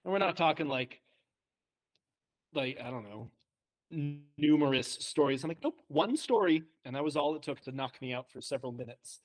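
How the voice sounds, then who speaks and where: A man's voice: medium pitch, normal speed. Chatty man telling self-deprecating stories. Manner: chatty storyteller, self-deprecating, laughs often. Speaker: training client, high school English teacher. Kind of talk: casual chat.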